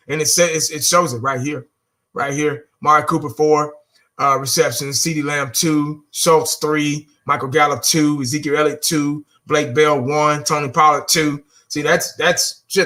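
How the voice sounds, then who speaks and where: A man's voice: on the high side, bright, forceful tone. A man giving a casual, blunt fan rant, exasperated, repeating himself and cursing now and then. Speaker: fan vlogger.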